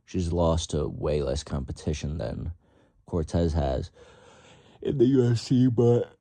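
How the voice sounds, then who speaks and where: Young guy rambling fight picks, low gravelly voice, dry close sound. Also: lively intonation, unhurried, dark tone, dry recording. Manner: rambling, profane, lots of fillers. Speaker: MMA fight predictor. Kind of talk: casual vlog commentary.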